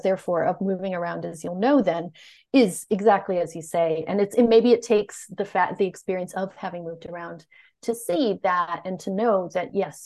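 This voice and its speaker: Speaking on the low side, a woman with a General American accent appears as an interview guest who studies media. The talk is conversational; she's lively and outspoken, working through ideas aloud and starting her sentences over.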